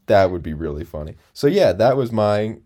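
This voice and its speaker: Rambling young man with a low voice. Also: sing-song, normal speed, dark tone. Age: 20s. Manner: rambling storyteller, many fillers and restarts. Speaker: podcast co-host. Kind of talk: casual chat.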